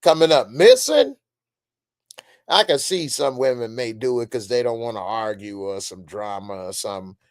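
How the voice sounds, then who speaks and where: A man hosting a casual live-stream reaction, reading chat comments, animated with loud bursts and frequent laughs. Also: lowish voice, a little fast, hardly any pauses, no room sound, clean studio sound.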